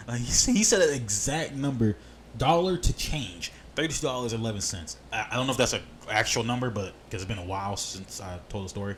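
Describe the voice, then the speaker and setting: A young man rattles through his stories at a quick clip, animated and profane. His pitch sits in a middle range. A faint hiss runs under the recording. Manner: animated, swearing, laughs at his own stories. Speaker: podcast co-host. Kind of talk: casual storytelling chat.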